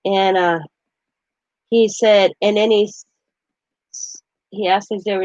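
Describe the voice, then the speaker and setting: A woman's voice: medium pitch, fairly even intonation, slow pace, pauses often, a little mellow, dry recording, dull audio. A middle-aged woman hosting a crafting channel, chatting casually and animatedly as she tells a story, laughing as she goes.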